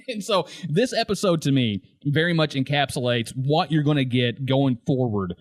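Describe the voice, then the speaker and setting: On a casual podcast about a TV show, a male co-host laughs frequently, reliving favorite scenes and performing lines from them. He has a medium-pitched, lively voice at normal speed, captured in studio quality with no room sound.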